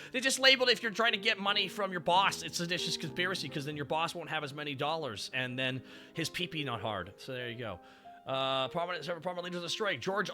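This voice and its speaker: A young man streaming while driving, reading history aloud with animated, profane, sarcastic asides. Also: on the high side.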